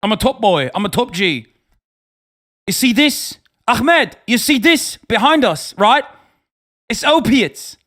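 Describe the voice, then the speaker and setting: A man's voice: extremely high pitch, big pitch swings, slow, sharp tone, voice pushed up, exaggerated voice. A man voicing a boastful young male Taliban hustler who brags about getting rich.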